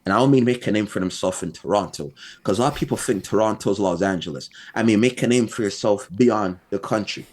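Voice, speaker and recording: Low-voiced young man, rambling. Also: fast talker, hardly any pauses. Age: young adult. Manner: rambling, repeats phrases, builds points by number. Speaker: guest. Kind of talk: casual interview talk.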